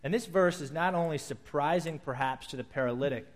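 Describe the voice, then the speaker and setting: A man preaching a sermon, telling a scripture story in vivid, animated detail and acting out its scenes. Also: a little high, a little fast.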